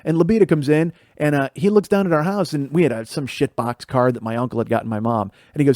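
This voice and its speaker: A man in his forties from Illinois, telling a profane, animated childhood story as a podcast host. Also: medium pitch, quick pace, hardly any pauses, no room sound, studio quality. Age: 40s. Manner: animated, profane, acts out family voices. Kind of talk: storytelling monologue.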